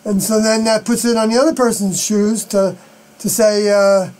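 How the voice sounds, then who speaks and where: Halting high-voiced man streaming alone. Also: flat delivery, a little mellow, poor audio. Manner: halting, many fillers and unfinished sentences. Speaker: live stream host. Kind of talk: rambling solo live stream monologue. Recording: mains hum behind the voice.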